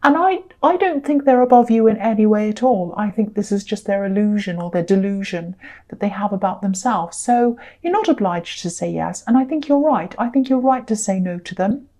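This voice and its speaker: Female tarot reader, mid pitch, warm and mellow, gentle and reassuring delivery. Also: expressive, brisk. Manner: gentle, reassuring, hesitant with many ums. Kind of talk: tarot reading monologue.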